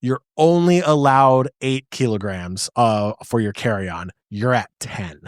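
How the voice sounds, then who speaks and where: A man's voice: medium pitch, measured pace, smooth, no room sound, clean studio sound, close to an everyday voice. A man voicing a stern older German airport attendant woman with a German accent, clipped and insistent.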